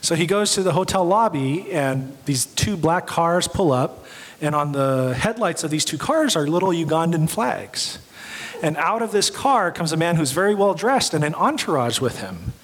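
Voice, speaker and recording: A man's voice: a little high, expressive, moderate pace. A young adult man giving a sermon as a pastor, telling stories and acting out the quoted voices. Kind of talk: sermon storytelling. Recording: long hall reverb.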